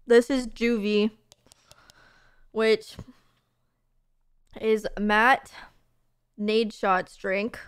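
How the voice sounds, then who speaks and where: A woman's voice: mid-range voice, steady tone, very slow, pauses often, clear, resonant tone. A young woman streaming, chatting casually and reading messages, bubbly and gushing with lots of fillers and laughs.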